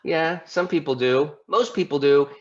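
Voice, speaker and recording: Brief: male lecturer, mid-pitched, chatty, dull muffled recording. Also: normal speed. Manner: conversational, asks the audience questions. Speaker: lawyer and speaker. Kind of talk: lecture presentation. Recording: dull lo-fi sound.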